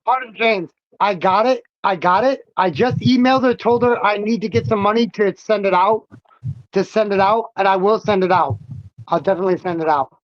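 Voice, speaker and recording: A man's voice: sits high, brisk, dry recording, muffled recording. A man hosting a livestream in casual chat, swearing freely and getting worked up. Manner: loose, profane, worked up. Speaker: livestream host.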